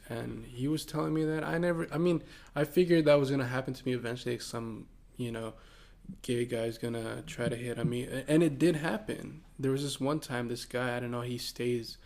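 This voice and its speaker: A man's voice: medium pitch, creaky, a little mellow. A young man co-hosting a podcast in a laid-back, hesitant way, with casual swearing. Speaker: podcast co-host.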